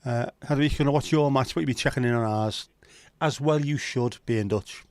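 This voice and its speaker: A man hosts a relaxed live stream and keeps up a jokey, chatty patter as he greets viewers one by one. His voice sits at a middle pitch. The sound is dry and close, with no room echo. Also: a little fast. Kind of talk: casual watch-along chat.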